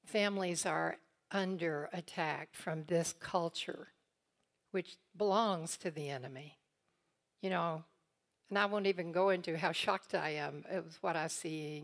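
She speaks at normal speed in a low, steady voice with vocal fry. A guest teacher from eastern Kentucky, she tells a church congregation family stories, laughing as she voices the people she quotes.

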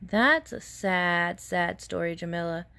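A woman's voice: on the low side, takes it slowly, creaky, pushed and bright, exaggerated voice. A woman doing cheerful photographer Archie.

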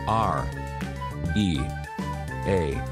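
A very deep, formal male English teacher, put on by a woman, speaking slowly and spelling a word letter by letter. Loud music plays behind him. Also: lively intonation, exaggerated voice. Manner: slow, spelling out letters one by one. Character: man teaching English lessons, formal and slow.

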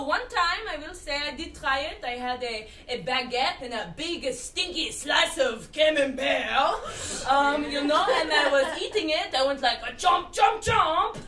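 A woman doing live character comedy as a nerdy, insecure French teenage exchange student with a put-on French accent, halting and self-deprecating. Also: high voice, sharp tone. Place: comedy theater stage. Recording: roomy stage sound from far off, noisy.

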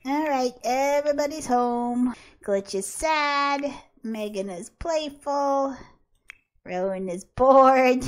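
A woman giving playful gameplay commentary, talking to her game characters and often laughing. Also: high voice. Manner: animated, laughing, talks to the characters. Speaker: author playing a life-sim game.

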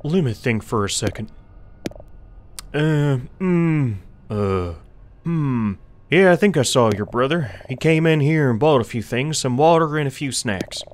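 A man's voice: mid-range voice, expressive, a little slow, natural voice. A man voicing blunt, slightly irritable locals at a gas station in a video game. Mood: matter-of-fact. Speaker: game characters.

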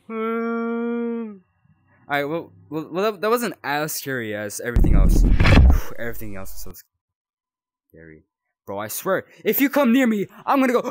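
A young man talks his way through a spooky game, his pitch leaping all over between nervous mutters and startled yelps. His voice sits a bit high for a man. The sound is dry and close. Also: very animated, moderate pace, long pauses, no echo. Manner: jumpy, yelps and rambles while scared. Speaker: gaming YouTuber. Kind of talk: horror game playthrough commentary.

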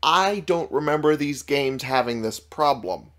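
A man's voice: medium pitch, lively intonation, a little slow, a bit bright. A man casually commenting on a game he is playing, goofy and joking, swearing freely. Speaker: let's play gamer.

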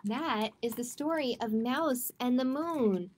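A children's librarian reading a picture book aloud to children in a gentle, expressive way. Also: female voice, on the high side, slow, a little hiss or hum. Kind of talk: children's storytime read-aloud.

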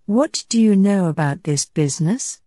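A woman voicing a fussy, anxious old king in a storybook reading, speaking gravely and hesitantly. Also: mid-range voice, animated, normal speed, mellow, no echo, clean studio sound, natural voice.

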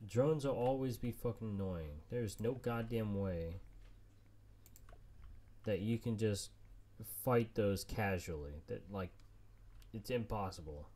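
A man's voice: fairly low pitch, takes it slowly, long pauses, a little mellow. A man streaming a survival game solo, frustrated and swearing nonstop as he plays. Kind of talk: let's play commentary.

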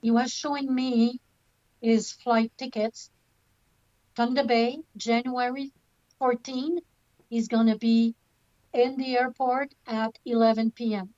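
An older woman recounting events in a slow, halting interview, stopping often to find her words. Her voice sits somewhat high, and the recording is dull, with soft music underneath. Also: flat delivery. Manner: hesitant, many "uh" pauses. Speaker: scam victim interviewee. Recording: dull documentary clip with music.

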